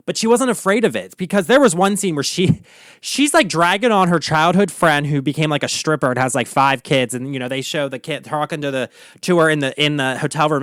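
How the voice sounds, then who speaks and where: Lively, gossipy, profane male podcast host. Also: on the high side, dry recording, clean studio sound. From Baltimore area, USA. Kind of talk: casual pop-culture rant.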